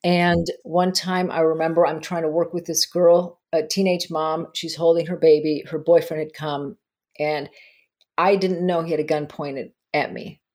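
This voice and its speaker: Lively woman therapist telling stories. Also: sits low, normal speed. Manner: animated, laughs often while telling stories. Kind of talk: podcast conversation, storytelling.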